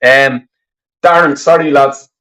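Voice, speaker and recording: A man's voice: medium pitch, steady tone, slow pace, pushed and bright, low-quality recording. A man hosting a live football fan stream, furious and swearing heavily as he rambles through his complaints. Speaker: fan channel host. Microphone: webcam.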